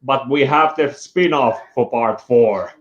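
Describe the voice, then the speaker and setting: A man from Finland with a Finnish accent, chatting as a guest on a video call, halting and restarting often. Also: medium pitch. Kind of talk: casual video chat. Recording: dull lo-fi call audio.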